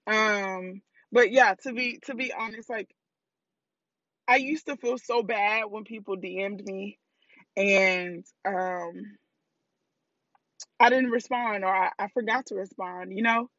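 A woman's voice: mid-range voice, steady tone, slow pace, a bit bright, no echo, lo-fi sound. A woman hosting a casual solo podcast, talking candidly and playfully in slangy speech straight to her listeners and laughing at her own jokes. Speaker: podcast host.

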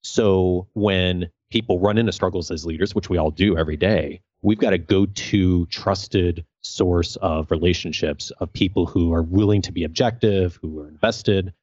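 A man's voice: sits low, normal speed, hardly any pauses, darkish tone, no room sound. A man who coaches leaders, a guest in a podcast interview, speaking earnestly and thoughtfully. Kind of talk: casual interview. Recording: dull, dry sound.

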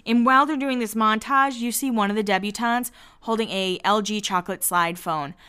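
A woman in her thirties hosting a podcast, recapping a TV episode in casual chat, full of "like" and quick asides. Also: medium pitch, bright, forceful tone, clean tone. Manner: chatty, peppered with "like", quick asides. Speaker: podcast host recapping a TV show.

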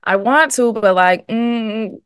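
A woman's voice: fairly high pitch, takes it slowly, smooth, dry recording, studio quality. A woman hosting a casual interview, chiming in with playful, laughing remarks.

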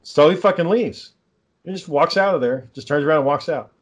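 A man's voice: on the high side, fairly quick. A man hosting a podcast, telling a long story in casual chat, swearing often and sounding exasperated. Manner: profane, exasperated, lively storyteller. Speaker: podcast host.

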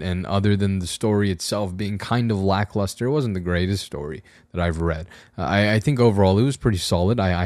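A young man hosting his own podcast, talking casually in a slightly raspy voice, rambling in a wry, self-deprecating way with frequent restarts. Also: sits low, darkish tone, dry recording, studio quality. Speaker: podcast host. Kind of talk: casual solo podcast monologue. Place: room at home with a camera on a tripod.

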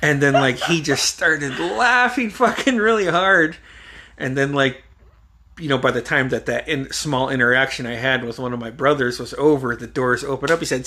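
A man's voice: mid-range voice, normal speed, bright, forceful tone. A man telling a rambling, profanity-laced anecdote in casual chat.

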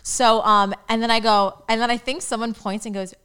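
A woman's voice: fairly high pitch, flat delivery, bright, forceful tone, clear, resonant tone. A young woman co-hosting a podcast, telling stories in casual, chatty talk. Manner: fast, chatty storytelling. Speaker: podcast co-host. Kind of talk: casual chat.

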